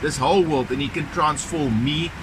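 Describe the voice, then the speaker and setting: A man's voice: fairly high pitch, moderate pace, poor audio. A man hosting a ministry video, earnestly introducing a speaker while he walks outdoors beside a river. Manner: earnest, encouraging. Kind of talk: casual spoken introduction while walking. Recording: outdoor noise behind.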